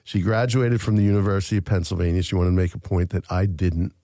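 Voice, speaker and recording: A man hosts an interview show from a studio. His voice is low and mellow, and he chats casually, joking and padding with fillers. The recording is dry and close. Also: fast, no echo. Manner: chatty, filler-heavy, joking. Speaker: podcast host.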